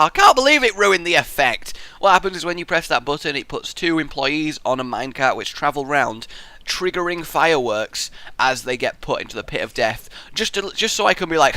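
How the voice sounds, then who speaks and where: With a medium-pitched voice, a young let's play host gives chatty, excitable gameplay commentary and mutters asides to himself.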